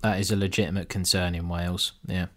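A man's voice: low-pitched, little pitch movement, fast, a bit bright. A man co-hosting a podcast, reviewing a film in casual chat, laid-back and swearing, mimicking characters as a joke. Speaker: podcast co-host.

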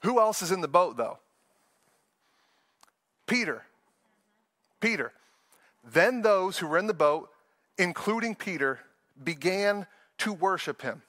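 A man's voice: high voice, lively intonation, slow, pauses often, sharp tone, no echo. A man preaching an earnest, conversational sermon, often laughing and restarting his sentences. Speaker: pastor.

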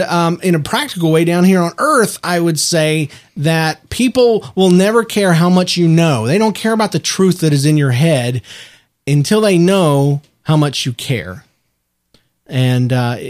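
A man's voice: a little high, unhurried, no room sound, clean studio sound. A man co-hosting a casual podcast, speaking in an earnest, reflective way. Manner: earnest, reflective, talks about faith. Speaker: podcast co-host. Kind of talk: casual chat.

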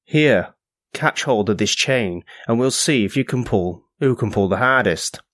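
A man voicing a tall, commanding wild huntsman spirit from a folk tale, in a slow and deliberate storybook reading. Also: mid-range voice, lively intonation, fairly bright tone, no room sound, studio quality. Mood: challenging.

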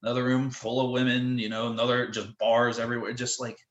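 A man telling wild stories in a casual podcast interview, animated and full of "like" fillers. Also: mid-range voice, quick pace, dull audio. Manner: animated, lots of "like" fillers, acts out quotes. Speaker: guest telling tour stories. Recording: roomy echo.

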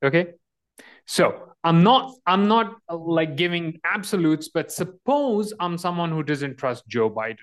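A man's voice: a little high, lively intonation, measured pace. A man as a guest on a talk show, explaining a technique thoughtfully with frequent restarts. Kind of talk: casual chat.

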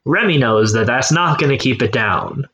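A man playing a tabletop role-playing game, excitable, swearing often and narrating his barbarian's attacks. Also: mid-range voice, normal speed, a little hiss or hum. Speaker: player. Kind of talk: casual tabletop game play.

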